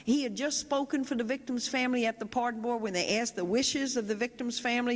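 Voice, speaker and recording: A woman's voice: high voice, steady tone, fast, few pauses. Woman storyteller in a reverberant chapel. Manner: vivid storytelling, quotes people directly. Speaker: Catholic sister giving a public talk. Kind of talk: storytelling lecture. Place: large chapel. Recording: long reverb of a large chapel.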